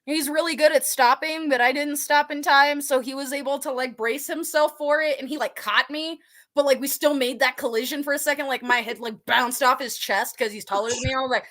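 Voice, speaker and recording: A woman's voice: high voice, fairly even intonation, brisk, a bit bright. A woman guest in a casual livestream chat, telling stories and acting out quotes, full of "like" fillers. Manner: chatty storyteller, acts out quotes, many "like" fillers.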